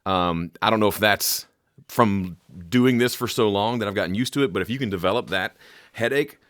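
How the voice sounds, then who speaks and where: Middle-aged male music teacher, a bit low, dry and close; casual and joking, talks mixing straight to camera, breaks into sound effects. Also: moderate pace, dry recording. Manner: animated, jokey, makes vocal sound effects. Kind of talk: casual instructional talk to camera.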